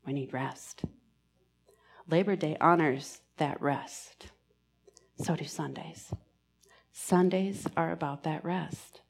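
A woman giving a sermon in church, earnest and pastoral, moving between emphatic lines and hushed, almost whispered ones. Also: low-pitched, slow pace, vocal fry. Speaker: preacher.

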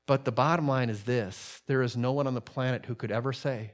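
A man's voice: medium pitch, fairly even intonation, fairly quick. A man preaching a sermon in a conversational, personal way, repeating himself and restarting phrases as he builds emphasis.

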